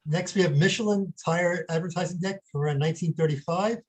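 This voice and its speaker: Guy reading out descriptions, high-ish voice, husky, matter-of-fact. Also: fast, a little mellow, poor audio. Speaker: panelist reading lot descriptions. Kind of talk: reading aloud, casual panel chat.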